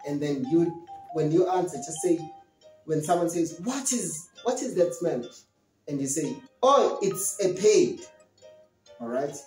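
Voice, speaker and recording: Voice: mid-range voice, animated, normal speed, dark tone, soft background music. A teacher giving a lesson to young learners, explaining step by step and acting out questions and answers in an encouraging way. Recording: roomy echo.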